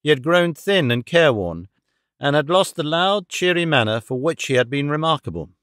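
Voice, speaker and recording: A man narrating a classic audiobook in a measured, formal storytelling manner. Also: fairly high pitch, expressive, a bit bright, no echo, clean studio sound.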